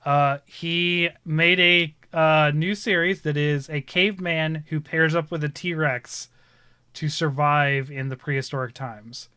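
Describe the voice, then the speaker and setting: A man in his thirties hosting a live stream, chatting casually and telling animated family stories with frequent laughter. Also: fairly high pitch, slow, clean tone, dry recording, clean studio sound. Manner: animated storyteller, laughs often. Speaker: stream host. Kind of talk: casual chat.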